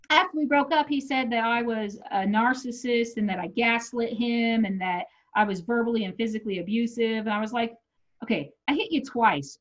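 A middle-aged woman telling a personal story in casual chat, swearing freely and acting out what people said. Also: fairly high pitch. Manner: animated, profane, acts out quotes. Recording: muffled lo-fi audio.

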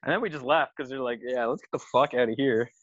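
Talking fast in a medium-pitched voice, a man recounts a story from touring in a relaxed podcast conversation, full of swearing and laughter. The audio is muffled, with no echo.

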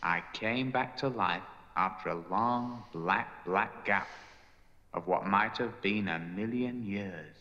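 Young delinquent, slow wry narration, crisp tone, dull film audio. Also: male voice, lowish voice, pushed and bright. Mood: rueful. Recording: muffled film audio with long reverb.

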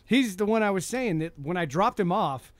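A man, telling rideshare stories fast, laughing and swearing in casual chat. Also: high-pitched, lively intonation, no room sound. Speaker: rideshare driver.

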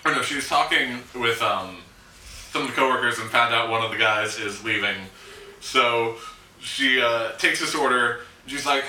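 Rambling young man, bright off-mic voice. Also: mid-range voice, moderate pace, far from the mic. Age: young adult. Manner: rambling, hesitant storyteller. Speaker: podcast guest. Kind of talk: casual chat. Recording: echoey room, off mic.

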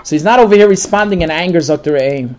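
Speaking at a quick pace, a man with a fairly high voice works through the weekly Torah portion, reciting each Hebrew verse before translating and explaining it. Yiddish words and restarted sentences run throughout his English.

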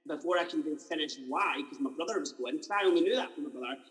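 A man in his twenties with a slightly raised pitch, hosting a relaxed chat show. He tells stories with energy, slipping into the voices of people he quotes. The sound carries a long, lingering reverb. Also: fast. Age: 20s. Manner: animated storyteller acting out quoted voices. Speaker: podcast host. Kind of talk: casual chat interview.

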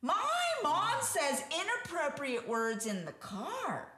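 A woman's voice: high-pitched, very animated, takes it slowly, bright, forceful tone. Laughing woman host in a roomy room. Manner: laughing, storytelling, candid. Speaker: podcast co-host. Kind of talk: casual chat. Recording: roomy echo.

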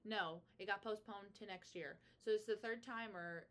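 Speaking at a moderate pace with a medium pitch, a young female podcast co-host keeps the conversation casual and chatty, filling it with lots of "like."

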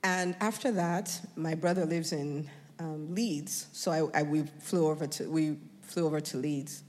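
An American woman preaching a sermon, animated, often asking the crowd questions and building up to shouting. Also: sits low, measured pace. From United States. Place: church. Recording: long reverb of a church hall.

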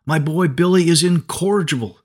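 A man voicing a frustrated young mother pleading with a priest, in a higher, hurried voice. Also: slightly rough. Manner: pleading, breathless.

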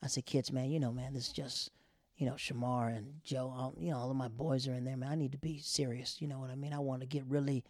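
A young man casually telling a personal story in an animated way, with laughs and slangy asides. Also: medium pitch, fast, dry recording, clean studio sound.

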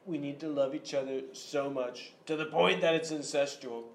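A man's voice: on the high side, normal speed, echoey room, lightly acted. A man playing a pompous, boastful male president calling in to a comedy podcast, rambling and self-important. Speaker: call-in guest.

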